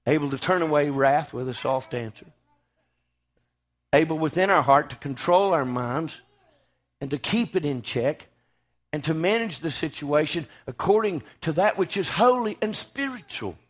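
A man preaching a sermon, swinging from loud, fervent declaiming to hushed, quiet lines. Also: fairly high pitch, expressive, moderate pace.

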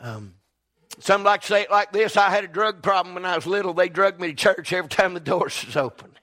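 A middle-aged man preaching a sermon, building fervently into shouted, rhythmic repetitions. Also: high-pitched, brisk.

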